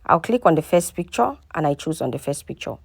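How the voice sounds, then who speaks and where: A woman's voice: deep voice, big pitch swings, a little fast, vocal fry, dry recording, clean studio sound. A woman hosting a casual step-by-step tutorial. She repeats herself often and keeps checking in with the viewer. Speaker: tutorial host. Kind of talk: casual screen-recording tutorial.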